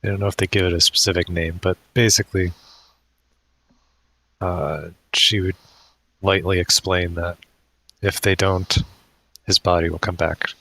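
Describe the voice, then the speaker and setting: A man's voice: low-pitched, little pitch movement, unhurried, vocal fry, long pauses, sharp tone, a little hiss or hum, rough recording. A man running a tabletop game as dungeon master, often laughing as he voices the townsfolk.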